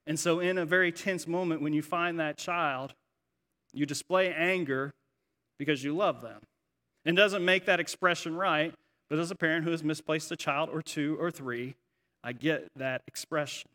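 Brief: middle-aged male pastor, bright and forceful tone, a bit higher, animated storytelling sermon. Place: church sanctuary. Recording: echoey hall.

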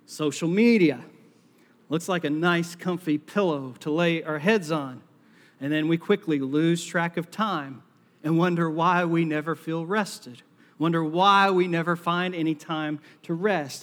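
A man's voice: on the high side, measured pace. A middle-aged man with a Southern US accent preaching a sermon on stage, joking and self-deprecating as he talks to the congregation. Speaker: pastor. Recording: long hall reverb.

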